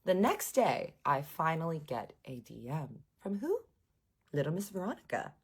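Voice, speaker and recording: A woman with a low voice tells a personal story in a casual vlog. She is sarcastic and animated, and she swears freely. Her delivery is lively, with quick asides and jokes. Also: slightly rough. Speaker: vlogger.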